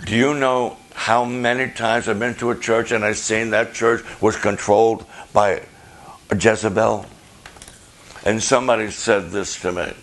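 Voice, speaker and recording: An older pastor with a medium-pitched voice preaches a sermon loudly and passionately, firing off rhetorical questions.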